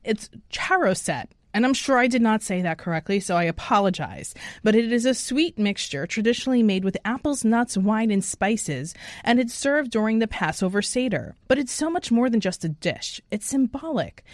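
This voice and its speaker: A woman's voice: on the high side, lively intonation, normal speed, hardly any pauses, a little mellow, no echo, clean studio sound. A woman hosting a radio food show, interviewing a guest and then reading a scripted segment with polished, upbeat delivery. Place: radio studio.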